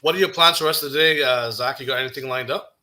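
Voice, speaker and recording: A man co-hosting a casual chat, joking around and cheering others on, often tripping over his own words. His voice is very bright and cutting. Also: mid-range voice, racing, slight background noise.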